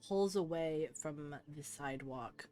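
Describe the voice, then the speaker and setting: A woman narrating a tabletop game as game master, in calm, measured storytelling. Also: sits low.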